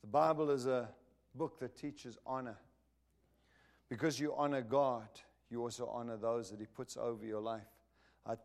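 A middle-aged male pastor preaching a sermon, rising loud on key words and dropping soft and low as he prays. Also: vocal fry.

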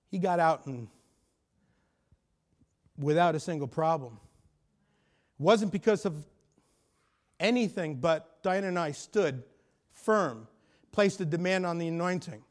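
High-voiced preacher man telling stories. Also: expressive, slow, pauses often. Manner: storytelling preacher, rising to loud emphatic peaks. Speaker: pastor. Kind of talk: sermon.

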